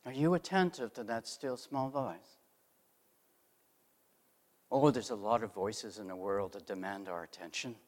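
A middle-aged man preaching a sermon, asking the congregation rhetorical questions and swinging from loud emphasis to hushed asides. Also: fairly low pitch, measured pace, long pauses.

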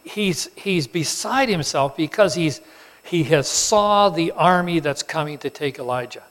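A man preaching a sermon, telling the story with animated emphasis and acting out the characters. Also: a little high. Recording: long hall reverb.

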